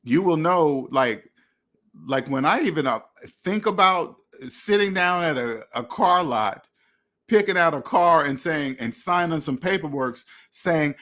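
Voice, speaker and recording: A man with a slightly higher-than-usual voice lecturing his viewers bluntly about money. He repeats himself, restarts his sentences and talks straight at the listener. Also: animated, a little slow, bright, forceful tone. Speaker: finance channel host. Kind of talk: direct-to-camera rant.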